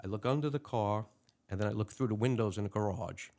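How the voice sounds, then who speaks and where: A retired police lieutenant with a lowish voice tells a story fast in an interview. He's animated, acting out the dialogue in a raised voice.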